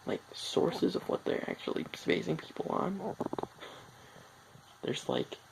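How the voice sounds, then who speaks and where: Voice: medium pitch, slow pace, vocal fry, slight background noise, poor audio. A film reviewer talking casually, rambling off on tangents with many filler words.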